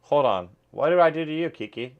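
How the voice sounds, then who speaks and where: A man's voice: fairly high pitch, lively intonation, a little fast, phone-quality sound, slight background noise. A man hosting a casual stream, ranting crudely with lots of swearing while watching videos. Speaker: streamer host.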